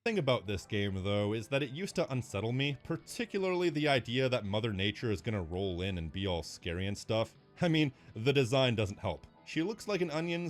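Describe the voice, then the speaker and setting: A man narrating a scripted video review in a wry, measured way. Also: mid-range voice. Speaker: video essayist.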